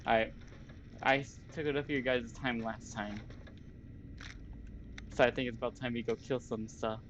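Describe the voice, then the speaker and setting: Slow-talking joking male game streamer. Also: mid-range voice, fairly even intonation, fairly bright tone, dull audio, a little hiss or hum. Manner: joking, chatty with chat, laughs often.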